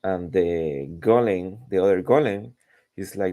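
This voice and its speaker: A man's voice: low-pitched, unhurried, warm tone. A man chatting casually while drawing, rambling and searching for words. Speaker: artist narrating his drawing.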